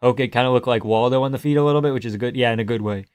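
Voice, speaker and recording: A young man hosting a livestream, reacting to a fight with casual, profane commentary, yelling advice at the fighters and laughing often. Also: mid-range voice, very fast, smooth. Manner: excitable, profane, yells at fighters, frequent laughs. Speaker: livestream host.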